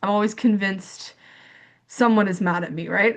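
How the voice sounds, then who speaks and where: A young woman speaks candidly on a discussion panel about her own experiences. Her talk is full of fillers, restarts and repetitions, and she acts out remembered conversations, lifting her voice when she quotes others. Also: moderate pace. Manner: animated storytelling, acts out quoted dialogue in higher pitch. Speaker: panelist sharing lived experience. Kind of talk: candid personal account on a panel.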